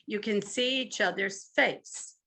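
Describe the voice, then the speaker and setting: A woman's voice: medium pitch, slow, bright, forceful tone, slightly rough. A woman leading a live marriage workshop, coaching couples step by step and acting out example phrases.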